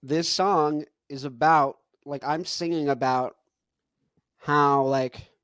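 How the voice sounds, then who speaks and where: A man's voice: a little high, steady tone, slow pace, a bit bright, no room sound, clean studio sound. A young man hosting a casual podcast, rambling in laid-back slang and chuckling between thoughts. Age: young adult. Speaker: podcast host. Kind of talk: casual chat.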